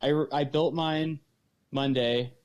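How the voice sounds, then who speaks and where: A man co-hosting a casual live stream, mostly chiming in with short, laid-back replies and a quick story. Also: on the high side, fairly even intonation, a little mellow, lo-fi sound. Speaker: co-host.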